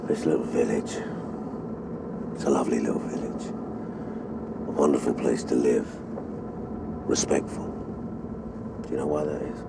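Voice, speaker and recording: An actor playing a menacing, foul-mouthed older man who runs the village, talking bluntly and deliberately inside a car. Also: a bass voice, steady tone. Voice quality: gravelly, threatening. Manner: blunt, profane, slow and deliberate. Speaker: local boss who owns the village. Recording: distant voice over loud car noise.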